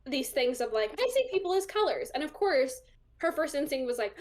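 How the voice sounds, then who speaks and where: A woman's voice: sits high, very animated, brisk, a crowd in the background. A young woman, a guest on an interview show, chatting casually through a personal story with lots of ums and likes. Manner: chatty, full of ums and likes, laughs often.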